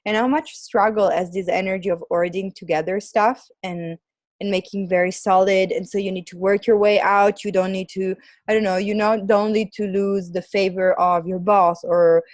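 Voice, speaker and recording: A woman's voice: mid-range voice, a little mellow, no room sound. Woman in rambling casual chat. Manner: rambling, heavy use of "like" fillers. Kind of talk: casual conversation.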